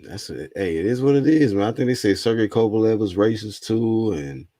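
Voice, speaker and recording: A man's voice: lowish voice, animated, a little fast, mellow, no echo, clean studio sound. A man interviewing in casual chat, laid-back and slangy, often chuckling as he talks.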